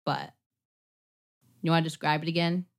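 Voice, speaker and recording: A woman's voice: low-pitched, flat delivery, moderate pace, vocal fry. A woman co-hosting a film podcast, chatting casually and laughing often as she reads listener reviews aloud with playful asides. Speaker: podcast co-host. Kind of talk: casual chat.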